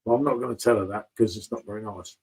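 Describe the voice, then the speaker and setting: A man's voice: lowish voice, steady tone, fast talker, darkish tone, slightly rough, rough recording. A man in casual live-stream chat from a home bar, chatty and swearing freely, calling everyone mate.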